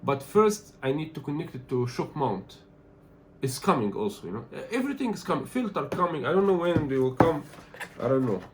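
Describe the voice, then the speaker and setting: A man from Egypt, not an English speaker, talking through an unboxing as a tech reviewer, animated and complaining in loose phrasing. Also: fairly high pitch, a little fast, slight background noise. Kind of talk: casual unboxing vlog.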